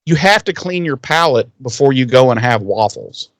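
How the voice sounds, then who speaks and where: A man's voice: medium pitch, normal speed, dry recording. A man co-hosting a podcast, casually retelling a TV episode with lots of swearing and quoted lines. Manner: profane, animated retelling with quoted character lines. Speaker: podcast co-host. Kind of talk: casual recap chat.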